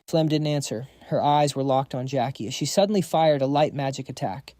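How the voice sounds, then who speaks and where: A man's voice: medium pitch, normal speed, few pauses, dark tone, no echo, studio quality. A man narrating a manhwa recap in a dramatic, slangy storytelling manner.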